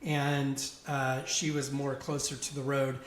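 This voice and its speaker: A man guesting on a podcast, telling a long anecdote in a casual, animated way and laughing along as he goes. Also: medium pitch, measured pace, reverberant, slight background noise. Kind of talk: casual storytelling.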